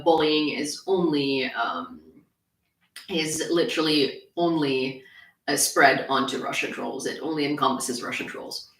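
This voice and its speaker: A woman's voice: low voice, fairly bright tone, recorded from a distance. Blunt woman livestreaming from an echoey room. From Ukraine. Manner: blunt, sarcastic, talks back to chat comments. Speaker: independent news streamer. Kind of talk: casual livestream commentary.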